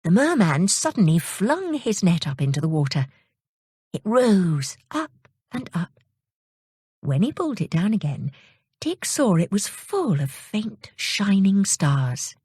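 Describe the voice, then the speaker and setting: A woman reading children's stories aloud in a slow, expressive storytelling manner. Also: on the low side, breathy edge, no room sound, clean studio sound. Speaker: audiobook reader.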